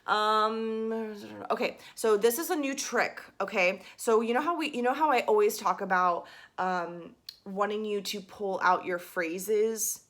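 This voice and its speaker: Bright-voiced, chatty young woman teaching singing. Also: mid-range voice, a little slow. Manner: chatty, with many fillers and asides. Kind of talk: casual vocal lesson to camera.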